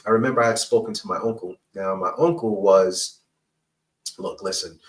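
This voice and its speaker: A man's voice: on the low side, steady tone, moderate pace, recorded from a distance, poor audio. Earnest middle-aged man sharing his story. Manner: earnest, emphatic, frequent "right?" and "okay?" asides. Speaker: podcast guest, counselor and pastor. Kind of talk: candid personal storytelling in an interview.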